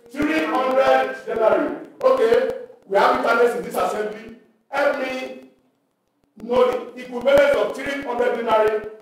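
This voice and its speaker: A man leading a Bible teaching for church workers, reading scripture aloud and quizzing his listeners with questions. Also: very high-pitched. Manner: preacherly, asks the audience questions and reads scripture aloud. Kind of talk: Bible teaching at a leadership meeting. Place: church hall. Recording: echoey hall recorded from far off.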